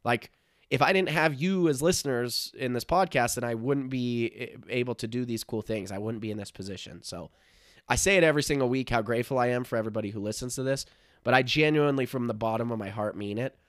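A man's voice: medium pitch, quick pace, no room sound, studio quality. A man hosting a sports podcast in a casual, rambling, enthusiastic way, his voice nasal and congested. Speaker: podcast host.

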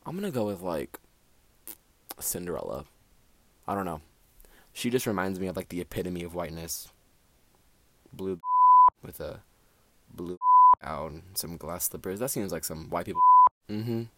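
A man's voice: low voice, moderate pace, long pauses, slight background noise. A teenage boy hosting his own podcast from a small closet, rambling casually with lots of fillers. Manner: rambling, filler-heavy, animated. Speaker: podcast host. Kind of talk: casual solo podcast chat.

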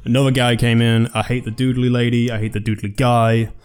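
A man's voice: medium pitch, flat delivery, a little fast, a little mellow. Laughing man ranting in casual podcast chat. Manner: laughs often, joking rants. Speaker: podcast co-host.

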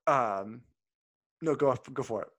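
A man's voice: mid-range voice, takes it slowly, a bit bright. A man co-hosting a casual podcast chat, who laughs often and acts out the lines he retells in goofy voices. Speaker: podcast co-host. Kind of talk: casual chat reviewing old TV ads.

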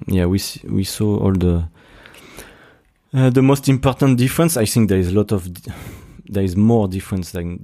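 Young French-accented podcast host, low pitch, halting casual delivery. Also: male voice, warm tone. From Brittany, France. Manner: hesitant, many restarts and fillers. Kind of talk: casual solo podcast monologue.

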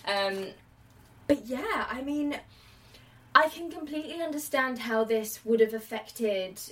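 Woman, late 20s, casual film chat, animated, a little off-mic. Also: a little high, unhurried, far from the mic. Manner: chatty, acts out quotes with laughs. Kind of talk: casual chat about films.

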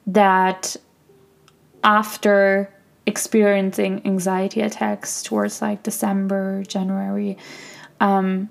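A young woman hosting her own podcast, talking reflectively and softly in a personal monologue, with many fillers like "like". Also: mid-range voice, monotone, slow pace, vocal fry. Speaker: podcast host.

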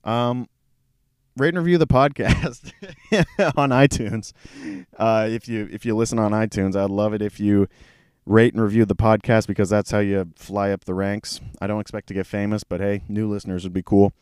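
A man hosting a casual solo podcast, tired and low on energy, rambling with lots of swearing and self-deprecating asides. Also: flat delivery, a little fast, a little mellow, clear, resonant tone, no room sound, clean studio sound. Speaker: podcast host. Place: small hot room at home. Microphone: camera mic.

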